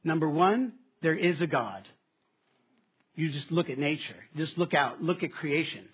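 Husky-voiced man preaching a sermon. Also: on the high side, lively intonation, a little slow. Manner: dynamic preaching, dropping to quiet asides with laughs. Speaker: pastor. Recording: slightly dull, muffled sound.

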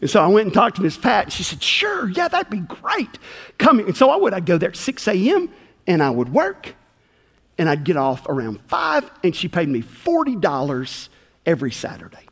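A man's voice: high voice, a little fast, gravelly, slightly rough. A middle-aged man preaching a sermon, telling folksy personal stories and acting out the dialogue. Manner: animated, folksy storytelling with acted-out dialogue. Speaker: pastor. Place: church sanctuary. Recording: long hall reverb.

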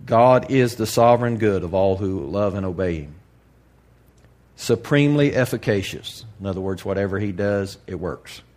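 A man preaching to a congregation in a candid, folksy way, dropping to a hush and then rising to loud emphasis. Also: on the low side, animated, normal speed. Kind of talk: sermon.

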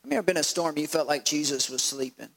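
High-voiced pastor preaching with fervor. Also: male voice, racing, vocal fry, a bit bright, husky. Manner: preaching with rising, pleading outbursts and call-and-response questions. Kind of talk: sermon.

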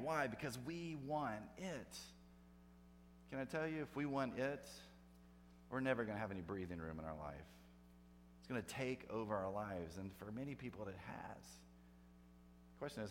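A pastor giving a sermon, conversational, with emphatic rising bursts for effect. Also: male voice, mid-range voice. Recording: long hall reverb, faint hum.

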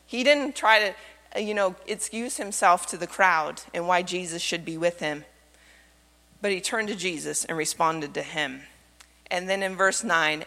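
Woman, pastor, expressive sermon, rhetorical questions, bright voice, long church reverb. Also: on the low side, normal speed. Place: church sanctuary.

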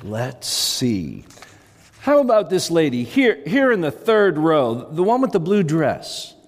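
A man's voice: on the high side, wildly swooping pitch, slow, big-room sound, voice pushed up, exaggerated voice. Male preacher as a cheery, coaxing young emcee. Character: young male show host, cheery and smooth.

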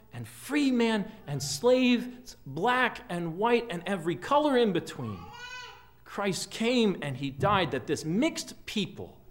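A man preaching in a church, his voice sitting a little high for a man. He speaks slowly and earnestly, letting many phrases sink to a hush. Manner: earnest, with frequent drops to a quiet voice at phrase ends. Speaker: pastor. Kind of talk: sermon. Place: church sanctuary.

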